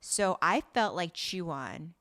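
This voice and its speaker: A woman's voice: on the low side, takes it slowly. A woman co-hosting a podcast, recapping a drama in casual chat, acting out scenes and laughing often. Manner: expressive storyteller, acts out scenes, laughs often. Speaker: podcast co-host.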